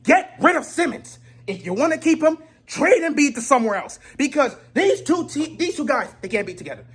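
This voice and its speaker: A woman delivering a heated sports rant, exasperated and repeatedly shouting in disbelief. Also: high-pitched, big pitch swings, brisk. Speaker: sports commentator.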